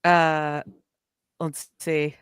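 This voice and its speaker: A woman co-hosting a podcast in relaxed, casual chat, speaking to listeners as "y'all.". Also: low-pitched, very slow, clear, resonant tone, no room sound, clean studio sound. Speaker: podcast co-host.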